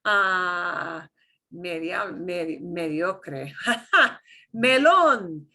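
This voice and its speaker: A woman's voice: mid-range voice, lively intonation, unhurried, bright, forceful tone. A woman teaching a beginners' Spanish class, patiently drilling pronunciation and having students repeat words. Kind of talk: online class lesson.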